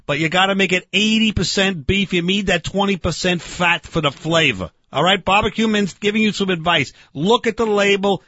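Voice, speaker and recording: A man's voice: high voice, bright, forceful tone, no room sound, dull audio, exaggerated voice. A man putting on a blustering barbecue know-it-all. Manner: bossy, blustering, keeps interrupting, mangles words. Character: brash loudmouth male grill-master "Barbecue Man".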